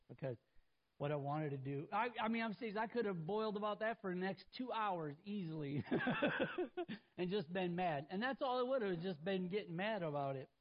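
A man preaching a sermon, pitched high for a man, who tells a story with acted-out voices and asides to the listeners. The recording sounds a little dull and lo-fi. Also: brisk. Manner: animated storytelling, acts out voices, talks to the congregation. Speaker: pastor.

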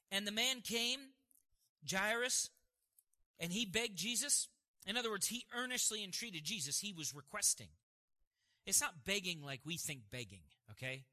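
A man's voice: high voice, bright, forceful tone. A man preaching a sermon as pastor, asking the congregation questions and answering them himself. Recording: hall reverb.

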